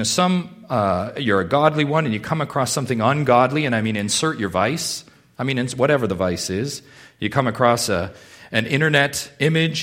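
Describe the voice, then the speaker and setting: A man delivers a sermon from a church pulpit in a medium-pitched voice. His delivery is highly animated, moving from quiet, intimate stretches into loud, pleading exhortation. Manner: swings from hushed to loud urgent pleading. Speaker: pastor.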